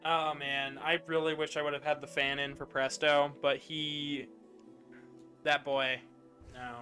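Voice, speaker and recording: Young male streamer, chatty and animated; bright, edgy tone, sits a little high, light game music underneath. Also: unhurried. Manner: chatty, animated, swears casually. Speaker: streamer playing a video game. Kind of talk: casual chat while gaming.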